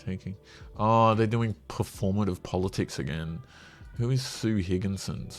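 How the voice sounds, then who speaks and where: A man's voice: lowish voice, normal speed, soft background music. A man giving sarcastic, mocking commentary while scrolling through a social media feed. He laughs often.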